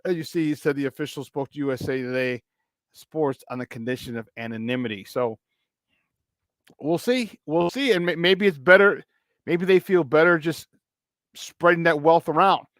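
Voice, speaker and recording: A man hosting a sports talk show, reading the chat and chatting in an animated way, swinging between loud and soft. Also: on the high side, a little fast, no echo, clean studio sound.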